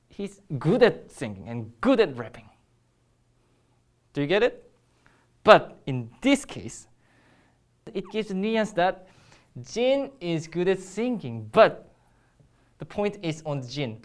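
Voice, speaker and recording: A woman with a Korean accent teaching a Korean grammar lesson in English, explaining step by step with frequent ums and restarts. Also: low-pitched.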